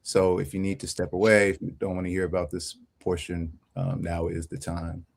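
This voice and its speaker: A man's voice: low voice, completely flat delivery, normal speed, vocal fry. A man hosting a casual talk show, speaking frankly and with animation. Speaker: host. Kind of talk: casual chat.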